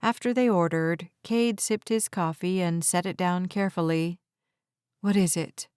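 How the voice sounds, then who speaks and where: A woman narrating an audiobook in a measured, even storytelling voice on a close mic. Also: fairly low pitch, clean tone, dry recording.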